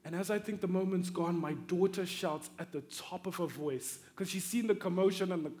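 A man from Africa preaching a sermon through a personal story, animated and swinging between hushed tones and excited shouting. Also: high voice, normal speed.

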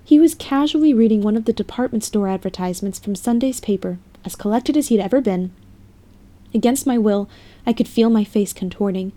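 A woman's voice: mid-range voice, fairly quick, dark tone. A woman narrating a scripted first-person story with an emotional, dramatic delivery. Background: music bed.

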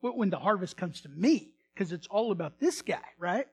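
A male pastor telling a story in a sermon, animated, swinging from loud bursts to hushed retelling. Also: sits high, moderate pace, slightly rough.

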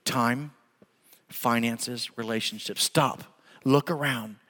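A man's voice: high-pitched, brisk, a bit bright. A man in his forties preaching a sermon as pastor, telling a story with emphasis and laughing now and then. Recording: long hall reverb.

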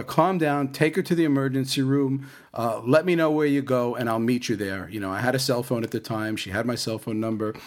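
Man telling a personal story. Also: mid-range voice. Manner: conversational, with restarts and asides.

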